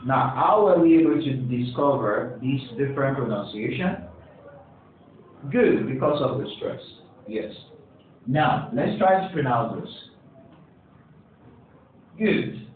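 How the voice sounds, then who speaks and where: A man's voice: mid-range voice, animated, slow, pauses often. A man teaching a pronunciation lesson to a class, encouraging the students, putting questions to them and praising their answers. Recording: echoey, distant, phone-like with faint hiss.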